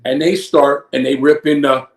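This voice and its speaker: A man's voice: mid-range voice, fairly even intonation, moderate pace, creaky. A man in his fifties, a former wrestler, telling a long rambling story full of profanity. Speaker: guest, former pro wrestler. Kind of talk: casual storytelling. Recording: echoey room.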